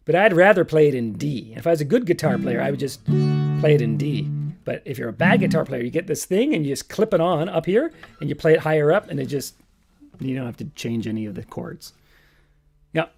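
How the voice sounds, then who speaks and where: A man's voice: fairly high pitch, creaky, husky. A man hosting a casual livestream, singing comic songs and chatting loosely between them with self-deprecating remarks. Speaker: singer-songwriter and livestream host. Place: home room. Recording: voice with loud acoustic guitar.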